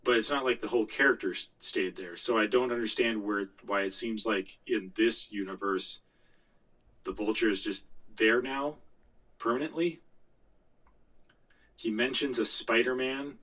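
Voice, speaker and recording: Guy ranting about a movie on a podcast, lowish voice, kinda far from the mic. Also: fairly even intonation, normal speed, pushed and bright. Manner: rambling, blunt, frequent restarts. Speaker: podcast co-host. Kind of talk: casual movie review chat.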